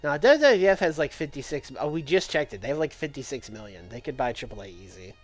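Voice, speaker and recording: A man with a fairly high, expressive voice talks fast as he works through a strategy game on a livestream. He thinks aloud and addresses his chat casually, with faint music playing behind him.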